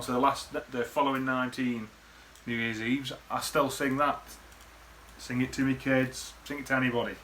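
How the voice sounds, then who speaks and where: A man talks straight to camera at home, rambling and swearing through old memories in a laddish, matey way. His voice is bright and forward, at a middling pitch. A faint room hum sits behind him. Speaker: vlogger. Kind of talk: casual reminiscing monologue.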